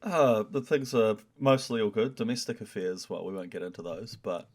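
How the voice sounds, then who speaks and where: A man's voice: lowish voice, moderate pace, a little mellow. A man, a teacher speaking as a podcast's education correspondent, wry and a little hesitant. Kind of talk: casual comedic chat.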